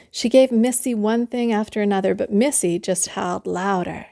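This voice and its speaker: A woman reading a children's bedtime story aloud in a gentle, unhurried way. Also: medium pitch, gravelly.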